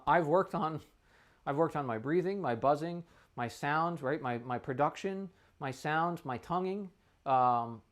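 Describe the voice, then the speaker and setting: A man in a practice room, explaining a trumpet warm-up in a relaxed, unscripted way, with his voice sitting in an ordinary middle pitch. He thinks aloud as he goes, with fillers and an occasional cleared throat. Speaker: trumpet teacher. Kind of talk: casual instructional talk.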